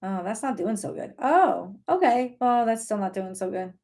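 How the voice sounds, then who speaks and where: A woman giving a casual live tarot reading, excitable, talking to God and her viewers and swearing now and then. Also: mid-range voice, normal speed, gravelly. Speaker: tarot reader.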